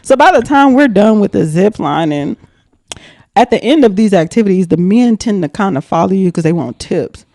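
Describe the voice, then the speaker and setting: A young adult woman, a podcast guest, telling a story casually in an animated, profane way, laughing often. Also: mid-range voice, normal speed, no room sound, studio quality.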